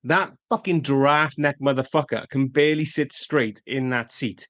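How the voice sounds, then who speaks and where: A man's voice: mid-range voice, moderate pace, a bit bright, dry recording. A man co-hosting a podcast, chatting casually about an old film with wry, sweary jokes. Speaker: podcast co-host.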